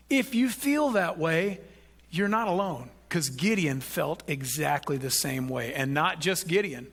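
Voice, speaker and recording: A man preaching a sermon, acting out quoted prayers with lively shifts in his voice. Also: a little slow. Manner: animated, acts out quoted prayers with rising pitch.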